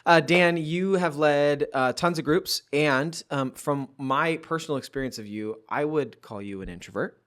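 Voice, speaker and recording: A man's voice: a little high, moderate pace, a bit bright. A man hosting a podcast in casual chat, joking and laughing easily as he welcomes a guest and steers the talk. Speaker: podcast host.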